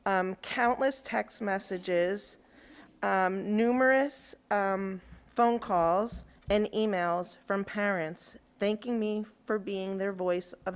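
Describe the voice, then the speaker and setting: A woman giving a measured, reproachful public comment at a school board meeting. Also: medium pitch.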